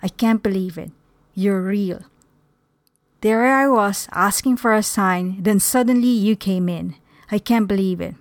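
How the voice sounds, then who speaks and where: A woman's voice: medium pitch, measured pace, dry recording, clean studio sound, natural voice. A woman reading the part of a troubled young man who prays for a sign, in an anxious, doubting voice. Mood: disbelieving.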